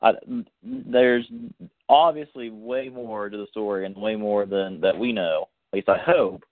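Hesitant low-voiced man on a phone line. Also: measured pace, dry recording. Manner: hesitant, restarts often, laughs along. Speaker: radio show host. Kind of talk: casual chat.

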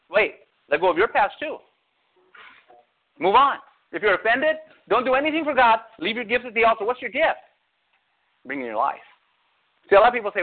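A man's voice: high voice, very animated, fairly quick. A male pastor preaching a sermon, talking to his congregation with lots of rhetorical questions. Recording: phone-like narrow sound.

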